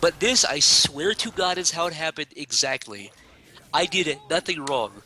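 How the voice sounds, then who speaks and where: A man's voice: fairly high pitch, animated, moderate pace, pushed and bright, a little hiss or hum. A young man casually telling a long, exasperated story to a friend, rambling and acting out the people in it. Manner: rambling, exasperated anecdote with acted quotes. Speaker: streamer.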